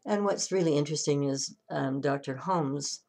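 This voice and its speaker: A woman's voice: sits low, normal speed, a little mellow. A woman minister giving a sermon and retelling a story conversationally, with frequent restarts.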